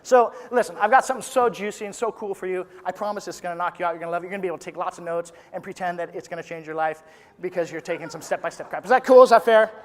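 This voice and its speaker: A man giving an energetic, joking motivational talk at a live business seminar, rallying the audience into chants. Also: sits high, racing. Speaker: motivational speaker at a business event. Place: large conference room with live audience. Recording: reverberant hall with crowd. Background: audience responses and applause.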